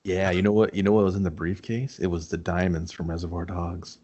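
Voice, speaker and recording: Lowish-voiced guy cohosting a movie podcast, rambly, cusses, laughs a lot. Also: little pitch movement, fairly quick, darkish tone, lo-fi sound. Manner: rambling, profane, laughs often. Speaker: podcast co-host. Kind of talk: casual movie review chat.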